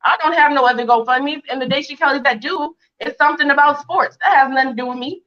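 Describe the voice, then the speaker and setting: A fairly high-voiced woman speaks over a video call, defiant and indignant. She fires off question after question at her critics. The stream audio sounds dull and muffled. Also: quick pace. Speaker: interview guest. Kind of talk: heated livestream interview.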